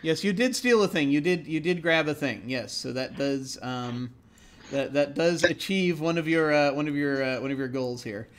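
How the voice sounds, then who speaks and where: A man running a tabletop role-playing game, talking casually with many fillers and restarts. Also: a little high. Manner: halting, many fillers and restarts, laughs often. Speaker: game master.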